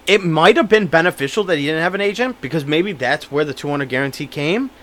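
A man's voice: a little high, lively intonation, fast talker, fairly bright tone. A young man co-hosting a podcast in easygoing, hesitant casual chat. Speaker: podcast co-host.

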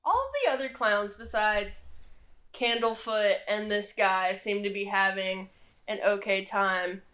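A young woman narrating a tabletop game as game master, in a relaxed way with many fillers. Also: medium pitch, unhurried.

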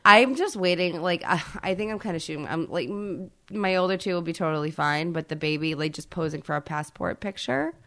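A woman in her thirties co-hosting a podcast, chatting casually and bluntly with plenty of swearing, loud and emphatic when ranting. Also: on the low side, brisk, hardly any pauses. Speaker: podcast co-host. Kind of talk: casual chat.

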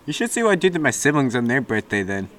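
A young man co-hosting a casual chat, teasing his friend in a deadpan way. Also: medium pitch, quick pace. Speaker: co-host.

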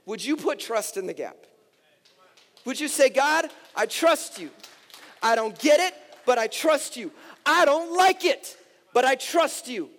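A middle-aged male pastor preaching a sermon, earnest and impassioned, his voice climbing high when he pleads. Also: expressive, unhurried. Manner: impassioned, rising to near-shouted pleas in emotional passages. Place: large church hall. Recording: reverberant church hall with soft music.

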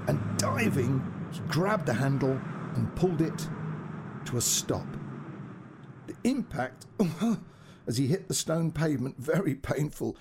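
A man reading a short story aloud as a storyteller, with dramatic, expressive delivery. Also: high-pitched, very noisy.

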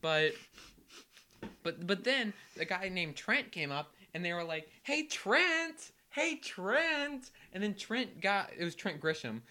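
A young man co-hosting a casual sports chat, an animated storyteller who loudly mimics yelling fans. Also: sits high, measured pace. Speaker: co-host.

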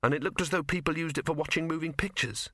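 A man's voice: a little high, fast talker, bright, forceful tone, no room sound, clean studio sound, pitched above the performer's own voice. A man reading aloud and voicing an earnest, reassuring young man in an audiobook. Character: earnest young man, trying to stay brave.

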